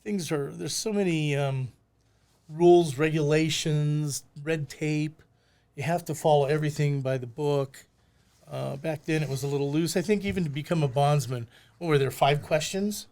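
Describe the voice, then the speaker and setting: A gravelly older man spins stories from his old working days in loose podcast conversation. His voice sits a bit high for a man. He throws himself into the voices of the people he quotes as he talks. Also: moderate pace, darkish tone. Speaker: podcast guest, former bail bondsman. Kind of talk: casual storytelling chat.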